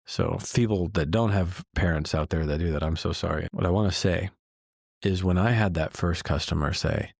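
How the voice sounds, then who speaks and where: A middle-aged man hosting a candid conversation, animated and acting out the lines he quotes. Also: sits low, moderate pace, vocal fry, dry recording, studio quality. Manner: animated, acts out quoted dialogue. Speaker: host and business coach.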